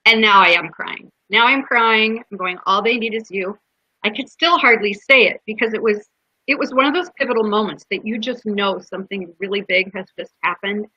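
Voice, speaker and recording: A woman speaks earnestly about a moment that mattered to her, her voice bright with a husky grain. She is a podcast guest who tells it heartfelt and in her own words. The sound is close and dry, with a dull lo-fi tone. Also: medium pitch, normal speed, dry recording. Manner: earnest, heartfelt, with restarts and quoted dialogue. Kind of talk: personal storytelling in a podcast interview.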